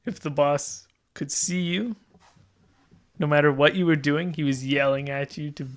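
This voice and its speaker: A man's voice: a little high, steady tone, a little slow. A man casually telling a long story as a podcast guest, rambling with lots of "like" and restarts and laughing as he goes.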